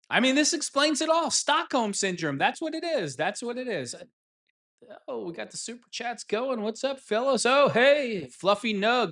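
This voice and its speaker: A man's voice: high voice, a bit bright. A man hosting a solo live-stream sports talk show, rambling and mocking in a sarcastic tone.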